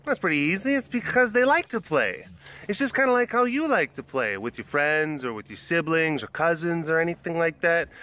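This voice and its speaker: Man, slightly high voice, animal keeper talking kids through questions, patient and simple, faint outdoor noise behind. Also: a bit bright. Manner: simple, patient, addresses each child by name. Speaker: big cat sanctuary keeper answering children's questions. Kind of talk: explaining to preschoolers.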